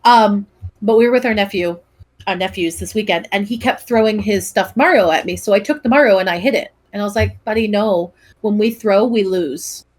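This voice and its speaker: A young woman co-hosting a casual podcast, telling stories in an animated way, full of "like" and "um". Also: mid-range voice, brisk. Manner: animated storyteller, many "like" and "um" fillers. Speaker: podcast co-host. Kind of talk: casual chat.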